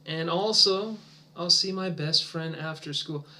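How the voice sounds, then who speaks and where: A man's voice: a little high, a little slow, bright, forceful tone. A man voicing a cheerful young language student who answers in simple, careful English.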